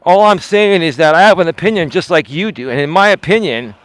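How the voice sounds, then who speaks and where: A man's voice: a little high, fairly quick, no echo. A man hosting a casual live stream, talking straight to his chat, emphatic and defensive and repeating himself for effect. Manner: talks straight to chat, asks pointed questions. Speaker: livestream host.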